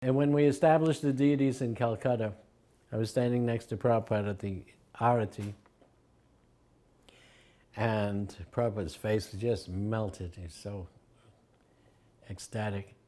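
A man's voice: on the low side, fairly even intonation, measured pace, pauses often, mellow. An older man recalling his teacher in an interview, telling anecdotes and acting out the quoted voices with a chuckle.

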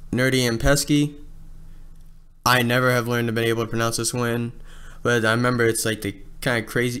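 A man talks through a casting call in a loose, rambling way, often stopping and restarting his sentences. His voice is smooth and clear, sitting at an ordinary pitch for a man. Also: a bit bright. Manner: rambling, many fillers and restarts. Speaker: abridged series creator.

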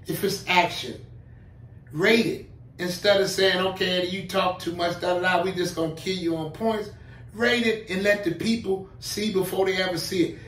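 An animated man delivers a preachy appeal to camera, repeating his points with emphasis. His voice sits fairly high. He sounds echoey, as if in a live room. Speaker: channel host. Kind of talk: direct-to-camera commentary. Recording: roomy, mic at a distance.

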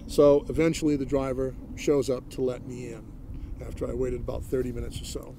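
A middle-aged man from Maine speaks in a gravelly, dark and mellow voice. He tells his story plainly in an interview, walking through each exchange step by step and leaning on "he goes" and "I said.". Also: mid-range voice, level tone, brisk, slight background noise. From Maine, United States. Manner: plain-spoken, retells exchanges with lots of "he goes" and "I said". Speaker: interviewee recounting a police encounter.

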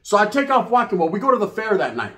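A man's voice: sits high, big pitch swings, quick pace, pushed and bright, reverberant. A middle-aged man from California with a Chicano English accent, telling a profane comedic story in street slang and speaking straight to his listeners. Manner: streetwise slang, acts out other voices, addresses listeners directly. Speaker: storyteller host.

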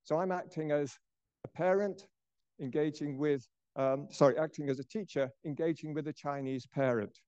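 An older male professor lectures in a measured, explanatory way, his voice a little higher than most men's but mellow and relaxed. The sound is dry and close, with a dull, lo-fi edge to the recording. He tends to let his phrases trail off more quietly. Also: clean tone, dry recording. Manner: measured, explanatory, drops softer at phrase ends. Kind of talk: lecture presentation.

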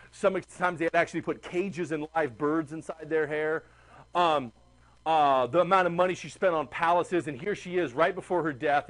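A man lectures his class in an animated, chatty way, often turning to the students with quick questions. His voice sits a little on the high side. He sounds like he is in a classroom. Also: rough recording. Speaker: history teacher.

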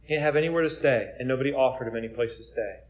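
A man's voice: mid-range voice, racing. A man, a Catholic friar, giving an informal preaching talk in a conversational way, full of rhetorical questions and repeated words as he restarts.

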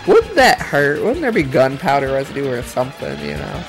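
A woman's voice: low-pitched, expressive, a little fast, creaky, hardly any pauses, soft background music. A woman hosting a casual let's-play, chatting and giggling as she plays. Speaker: gaming channel host.

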